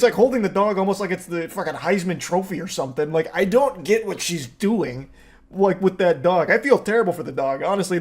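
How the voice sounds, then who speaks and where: A man's voice: high-pitched, darkish tone. Wry, sarcastic man commenting. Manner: wry, sarcastic, laughing, swearing. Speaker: streamer reacting to video. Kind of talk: casual commentary.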